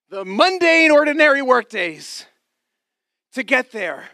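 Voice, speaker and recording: A middle-aged New Yorker preaches a sermon woven with personal testimony, shifting between loud, emphatic lines and hushed ones while slipping in joking, self-deprecating asides. His voice is high, with lively intonation and a normal speed, and the recording is dry.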